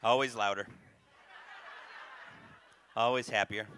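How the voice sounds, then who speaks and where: A man performing a stand-up comedy set on a club stage, talking punchily and working the crowd loudly. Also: on the low side, fairly even intonation, slow, a little hiss or hum. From North Carolina, USA. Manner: punchy, loud crowd work.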